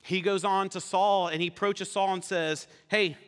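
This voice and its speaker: A man who is a campus pastor, preaching a sermon in a casual, animated storytelling way. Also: high-pitched, moderate pace, smooth, big-room sound. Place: church sanctuary.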